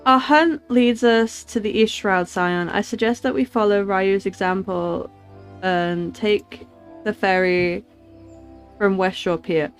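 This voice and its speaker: Girl reading as some stately accented game guy, slow and formal. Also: medium pitch, faint music behind. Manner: stately, old-fashioned speech. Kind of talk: reading game dialogue aloud.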